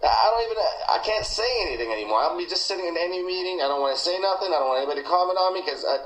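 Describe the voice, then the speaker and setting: A man's voice: high-pitched, animated, very fast, a bit bright. A man from Malaysia giving an earnest, emphatic account in a recorded interview, often repeating and restarting his words. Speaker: interviewee, former coworker. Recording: echoey room recording with faint noise.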